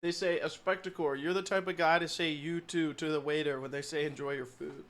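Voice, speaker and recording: A man's voice: fairly high pitch, fairly even intonation, a little fast, fairly bright tone. A man streaming live, chatting casually, poking fun at himself and answering his chat. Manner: joking, self-mocking, reacts to chat.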